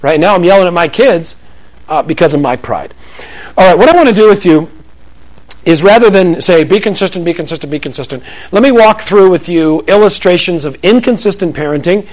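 Man, high voice, lively teaching preacher, conversational. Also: moderate pace. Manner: animated, conversational, acts out scenes. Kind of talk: sermon-style teaching to a live audience.

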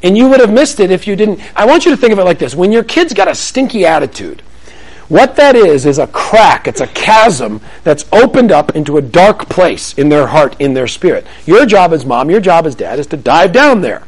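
Animated man giving a parenting talk. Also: sits high, moderate pace, rough recording. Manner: animated storytelling, acts out family dialogue; humorous, self-deprecating asides. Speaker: parenting speaker. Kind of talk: Christian parenting talk to a live audience. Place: room with an audience.

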